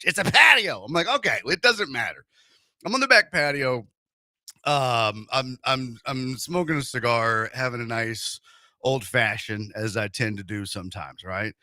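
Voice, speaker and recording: Recorded cleanly in a studio with no room sound, this medium-pitched radio host spins a story in casual chat. He's animated and jokey, performing the different voices of the characters.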